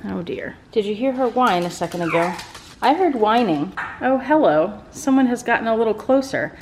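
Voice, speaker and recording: A woman chatting casually through a home vlog in her kitchen, going sing-song and high when she talks to her pets. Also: lively intonation, brisk, a little hiss or hum. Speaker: vlogger.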